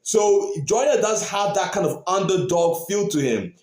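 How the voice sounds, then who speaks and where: A man hosting a reaction video, talking casually and excitedly to his viewers and repeating his points. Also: high voice, normal speed. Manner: animated, repeats phrases, talks to viewers. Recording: roomy echo.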